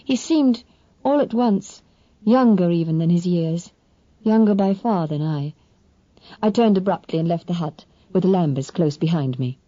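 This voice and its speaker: A woman reading a novel aloud in measured, expressive first-person narration. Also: fairly low pitch, no echo, lo-fi sound. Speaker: audiobook narrator.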